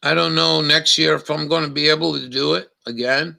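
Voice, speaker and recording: A man's voice: a little high, fairly even intonation, brisk, gravelly, few pauses, pushed and bright, reverberant, recorded from a distance. An older man telling rambling, profane stories in a meandering monologue. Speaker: vlogger.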